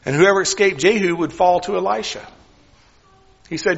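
Male pastor, earnest sermon delivery with long pauses, fairly high husky voice, dull recording in a reverberant sanctuary. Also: fairly bright tone. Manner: earnest, with deliberate pauses; drops to near whisper for emphasis.

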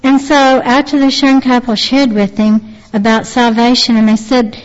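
Woman telling a faith story, kinda high voice, lots of restarts, dull lo-fi sound. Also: level tone. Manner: earnest, halting, with frequent restarts. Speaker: lay preacher retelling a testimony. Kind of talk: devotional storytelling. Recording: long reverb, dull lo-fi sound.

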